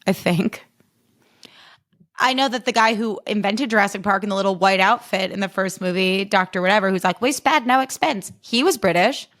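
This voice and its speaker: A woman's voice: mid-range voice, brisk. Chatty young woman hosting a podcast. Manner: chatty, animated, self-deprecating, jumps into funny voices. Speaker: podcast host. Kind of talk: casual solo podcast chat.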